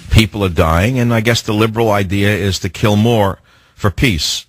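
A man's voice: lowish voice, normal speed, no echo, faint music behind. An older man hosting a talk radio show, ranting in a scornful, impassioned monologue from his radio studio.

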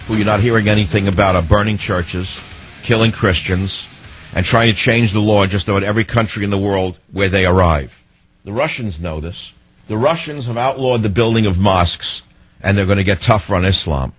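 A man's voice: lowish voice, husky, dry recording. An older man hosting a radio talk show in a studio, speaking in an emphatic, declamatory way. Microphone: studio microphone.

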